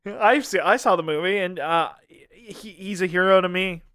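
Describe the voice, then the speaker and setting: A man with a high, smooth voice, teasing his co-host in dry, casual podcast banter. He laughs easily, and the recording is close and dry. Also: unhurried, pushed and bright, no echo. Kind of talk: casual chat.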